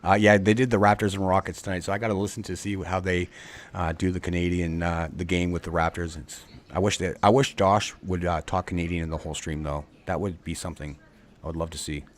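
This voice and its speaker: A man hosting a casual sports talk live stream, enthusiastic and halting, with lots of fillers. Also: low-pitched, level tone. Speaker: host.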